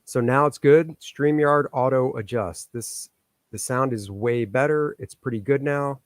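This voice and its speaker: A man's voice: mid-range voice, measured pace, dry recording. A man hosting a casual live stream from his home studio, chatting and joking in an easygoing way while he troubleshoots his own setup. His mid-range voice comes through a stand microphone, close and dry with no room sound.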